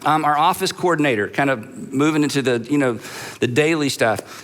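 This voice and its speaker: A man's voice: a little high, fairly bright tone. A middle-aged man, a pastor, giving a conversational leadership talk to a live church audience, acting out short dialogues and often restarting his sentences. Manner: conversational, acts out quick dialogues, frequent restarts. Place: large church auditorium. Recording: long reverb from a large hall.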